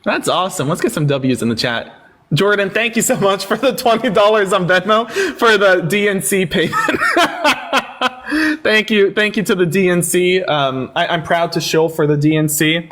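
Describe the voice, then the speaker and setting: A man's voice: sits high, normal speed, fairly bright tone. A man hosting a live-stream debate, sarcastic and taunting with callers, thanking viewers in casual chat. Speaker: livestream debate host.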